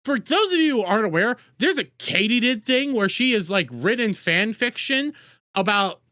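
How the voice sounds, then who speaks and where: A man's voice: high voice, lively intonation, normal speed, bright, forceful tone, dry recording, studio quality. Crude sarcastic male reaction streamer. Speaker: commentary streamer. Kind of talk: reaction commentary.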